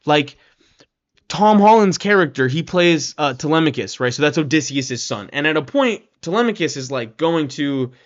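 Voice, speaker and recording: A man's voice: a little high, animated, moderate pace, dull audio. A man giving a casual, rambling film review rant, leaning on "like" and "right?" and swearing now and then.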